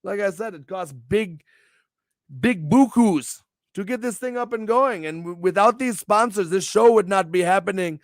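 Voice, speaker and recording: A young man hosting a morning stream with a bombastic, theatrical promo style, swinging his pitch and volume wildly. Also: moderate pace, dry recording, studio quality. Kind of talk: hyped-up wrestling promo chat.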